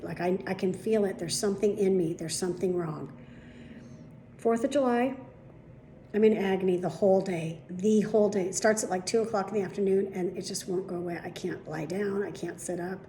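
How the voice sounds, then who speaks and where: A woman hosting her own daily vlog, telling her followers a story in a chatty, animated way, with casual swearing. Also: mid-range voice, echoey room, a little hiss or hum. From United States. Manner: chatty, profane, animated retelling. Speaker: vlog host.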